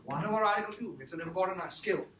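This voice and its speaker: A man with a high-sitting voice teaches a math class very fast, emphatic and repetitive as he quizzes students during the lecture. The sound is noisy and echoey, captured from far off in the classroom.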